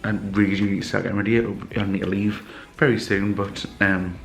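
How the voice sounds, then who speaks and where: A young man, talking to the camera in a hurried, hesitant way while getting ready for work. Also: lowish voice, level tone. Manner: hurried, hesitant, many fillers. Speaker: vlogger. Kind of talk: casual vlog chat.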